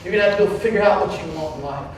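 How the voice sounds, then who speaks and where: High-voiced preacher in an echoing church. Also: male voice, rapid-fire. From Wyoming, United States. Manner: impassioned storytelling, acting out others' words. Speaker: pastor. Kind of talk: sermon. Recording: echoey hall from far off.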